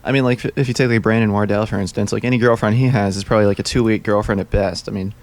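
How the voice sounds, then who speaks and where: Male podcast co-host, quick and low-voiced, rambling jokey banter. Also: steady tone. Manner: rapid rambling banter, joking, many fillers. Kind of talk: casual chat.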